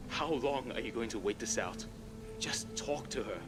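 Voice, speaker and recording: A man's voice: medium pitch, normal speed, lightly acted. Brief: actor as a direct, insistent man, plain mid voice, game audio log. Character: blunt man urging a friend. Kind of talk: video game voice acting.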